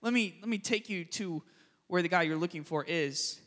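A male pastor with a very high, bright, forceful voice delivers a lively sermon. He swings from loud, punchy emphasis to hushed quick asides. The sound carries a long church-hall reverb. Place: church sanctuary.

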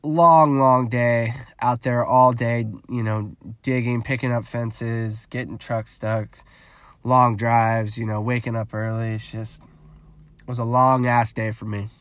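A man's voice: medium pitch, unhurried, smooth, no echo. A young man telling a rambling, profane story in a casual vlog, acting out the dialogue. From California. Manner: rambling, profane, animated retelling with quoted dialogue. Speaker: vlogger.

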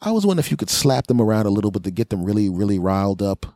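A man's voice: lowish voice, rapid-fire, no echo. A man hosting a podcast, telling a rambling comic story and acting out the people in it. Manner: rambling, animated, acts out voices. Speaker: comedian podcast host.

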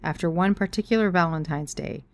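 Frank, expressive woman telling her story. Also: lowish voice, fairly quick. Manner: frank, expressive, swears freely. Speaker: author reading her own writing. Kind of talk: storytelling reading of memoir and novel.

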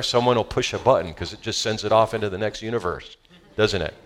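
A man preaching a sermon as pastor, animated and calling out to the congregation, then reading a story aloud with feeling. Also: on the low side, fast talker. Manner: animated, calls for audience responses.

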